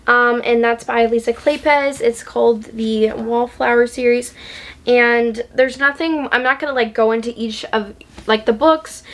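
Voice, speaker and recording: A woman book vlogger in a casual chat, gushing and chatty, with lots of ums and likes. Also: a little high.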